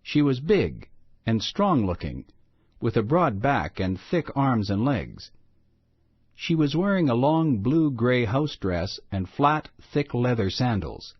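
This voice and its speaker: Slow, expressive male storybook reader. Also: medium pitch, husky, dry recording. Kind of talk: reading a children's story aloud. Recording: muffled lo-fi recording.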